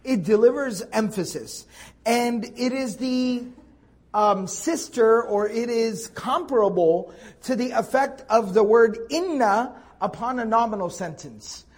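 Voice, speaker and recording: A man's voice: very high-pitched, measured pace. A man teaching a Quran tafsir lecture in a patient, explanatory way, stressing key words and often restarting his sentences.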